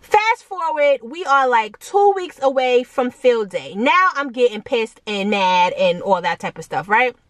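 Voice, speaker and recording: Telling a story to her vlog audience, this young adult woman keeps a measured pace with few pauses, and there's no room sound. She stays animated, tosses in plenty of fillers and viewer asides, and raises her pitch for quoted voices.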